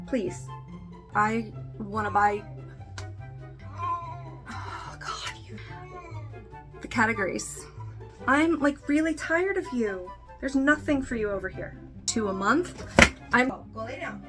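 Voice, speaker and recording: A woman with a fairly high voice chats casually to her camera about her makeup. She rambles and pokes fun at herself, trailing off with ums now and then. Faint music plays in the background. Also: animated, a little slow, a bit bright. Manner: chatty, self-deprecating, trails off with fillers. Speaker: beauty YouTuber. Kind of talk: casual makeup vlog with bloopers.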